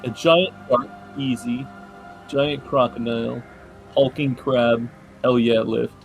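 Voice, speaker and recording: A man's voice: mid-range voice, fairly even intonation, slow, gravelly, faint music behind. A man playing a tabletop game, talking casually and joking. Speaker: player.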